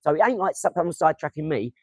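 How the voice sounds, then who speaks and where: A young man from England, speaking in Essex English, chats with livestream viewers in a casual motivational session, rambling, swearing and tossing darts. His voice is fairly high, expressive and quick, darkish and slightly rough. The audio is poor, though there's no echo.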